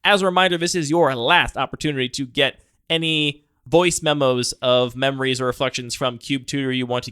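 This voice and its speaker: Man, podcast co-host; quick, joking, mid-pitched; dry studio sound. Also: fairly bright tone, clear, resonant tone, no room sound. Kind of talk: casual chat.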